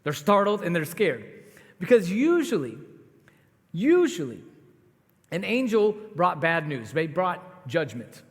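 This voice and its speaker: A man preaching a sermon as pastor, telling the story in a conversational, animated way with asides to the congregation. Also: sits high, unhurried, long pauses. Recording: long hall reverb.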